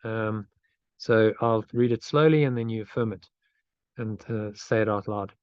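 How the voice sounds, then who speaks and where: A man's voice: lowish voice, moderate pace, clear, resonant tone, dry recording, lo-fi sound. A man leading a study group and a guided meditation, talking earnestly and often restarting his phrases as he thinks aloud.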